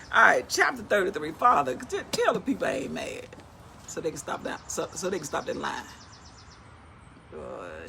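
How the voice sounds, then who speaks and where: A middle-aged woman Bible teacher, her mid-range voice gravelly, reads and explains scripture in a casual, talkative way, retelling it in everyday speech. A faint hiss or hum runs underneath.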